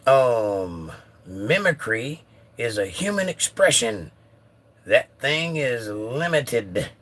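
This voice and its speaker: Male livestream host on a phone, bright and sharp tone, chatty and joking while reading viewer comments. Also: medium pitch, very animated, slow. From United States. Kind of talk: casual live chat, reading viewer comments.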